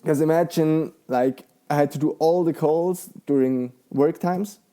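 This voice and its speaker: Excitable young man, mellow voice. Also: a little high, measured pace. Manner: excitable, laughs often, lots of fillers. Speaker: guest, professional mountain bike rider. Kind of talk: casual conversational interview.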